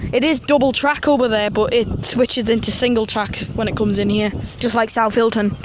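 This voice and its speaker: A man, rambling and excitable as he films a casual walk-and-talk vlog at an outdoor metro station. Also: very high-pitched, moderate pace. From North East England. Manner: chatty, rambling, excitable about train details. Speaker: transport vlogger. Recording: noisy outdoor station sound.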